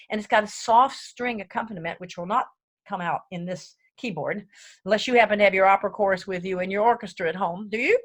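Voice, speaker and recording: A woman with a mid-range voice teaches a casual online music lesson as a music lecturer. Chatty and enthusiastic, she wanders off topic and counts beats aloud while playing a keyboard, heard faintly in the background.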